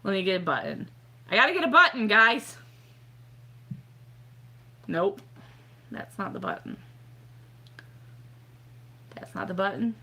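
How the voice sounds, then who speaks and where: A tipsy woman hosting a tarot livestream, rambling and self-deprecating, with bursts of excitement. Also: mid-range voice, a little slow, long pauses, a little hiss or hum. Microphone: home webcam livestream.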